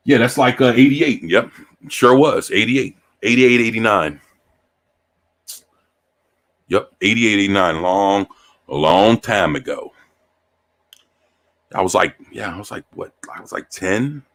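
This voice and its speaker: A man in his forties telling rambling stories in a relaxed, profane way, often ending sentences with "man". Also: low-pitched. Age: 40s. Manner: rambling, profane, laid-back, peppered with "man". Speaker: show host. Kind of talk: casual storytelling.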